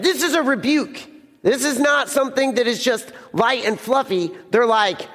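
A man's voice: very high-pitched, moderate pace, fairly bright tone, in a large hall. A young man preaching a casual sermon to teenagers as a youth pastor, often repeating words and acting out the scene.

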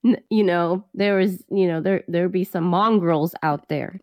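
A woman's voice: fairly low pitch, unhurried, no echo, clean studio sound. A woman co-hosting a podcast in casual chat, swearing freely, laughing and acting out other people's words. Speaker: podcast co-host.

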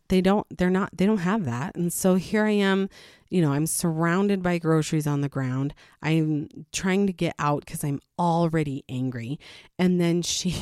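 A woman telling a frank, confessional parenting story about her young daughter, talking in quick bursts. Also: sits low, a little mellow, dry recording, clean studio sound. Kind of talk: candid personal storytelling.

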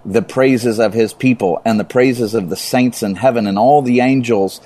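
A man who has taught middle and high school, explaining Bible passages in conversation and building up to emphasis by repeating words. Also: normal speed, mellow. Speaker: Bible teacher.

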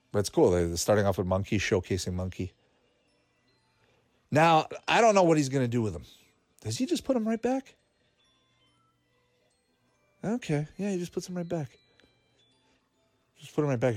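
Laid-back guy doing watch-along commentary, lowish voice that jumps around a lot, dry sound. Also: a little mellow, no room sound. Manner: chatty, laughs often, thinks aloud with fillers. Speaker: cartoon reaction commentator.

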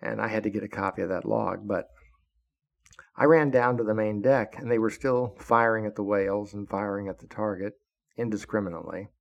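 A man's voice: on the low side, a little fast, gravelly, highs cut off. A man in his sixties telling his own story bluntly and with profanity, flaring into heated outbursts. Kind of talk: first-person storytelling.

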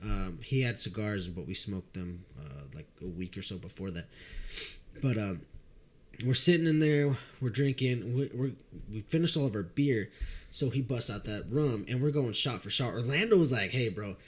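A young man telling a drinking story in casual chat, animated and profane, often laughing. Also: lowish voice, moderate pace, husky.

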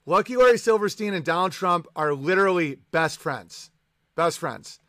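High bright-voiced man ranting. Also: expressive, moderate pace, no echo, studio quality. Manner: profane, mocking, acts out voices. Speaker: podcast host. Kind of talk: comedic political rant.

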